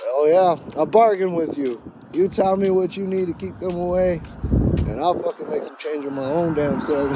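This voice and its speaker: A man's voice: sits high, normal speed, muffled recording, noisy background. A man talking in a casual, profane, rambling vlog monologue, emphatic and dramatic with joking asides, recorded outdoors. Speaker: vlogger.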